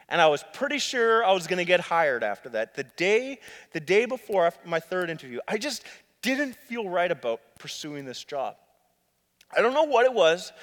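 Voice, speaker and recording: A man's voice: high-pitched, a bit bright. A young man preaching a sermon in church, talking conversationally with self-deprecating asides to the congregation. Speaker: pastor. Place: church sanctuary. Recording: long hall reverb.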